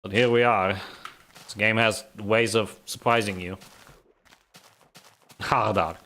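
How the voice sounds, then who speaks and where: A man's voice: fairly low pitch, steady tone, slow pace, sharp tone, a little hiss or hum. A young man with a vaguely Eastern European accent, chatting and joking while streaming a game, rambling and laughing often. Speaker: gaming streamer. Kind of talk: casual live gameplay commentary.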